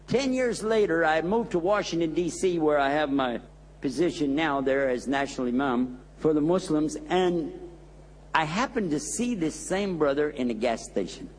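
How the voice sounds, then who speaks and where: An imam preaches to his listeners in an emphatic, storytelling way. His male voice sits high for a man. The sound carries a long hall reverb. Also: lively intonation, normal speed, a little hiss or hum. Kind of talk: sermon with personal storytelling.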